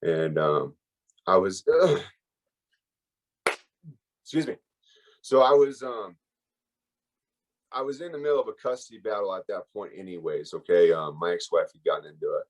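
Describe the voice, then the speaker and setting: A man speaks at a recovery workshop, sharing his own story openly. His voice sits a little low, and he talks in a loose, rambling way with plenty of fillers. The feeling stays close to the surface. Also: expressive, normal speed, pauses often, poor audio. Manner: candid, emotional, rambling with fillers. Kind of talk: personal recovery share.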